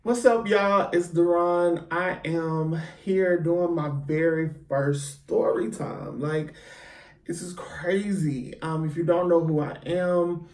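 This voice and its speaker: A man's voice: fairly high pitch, fairly even intonation, slow. A man talking to camera in a casual storytime vlog, chatty and theatrical, hyping himself up with lots of ums. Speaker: YouTuber. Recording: echoey room, mic at a distance.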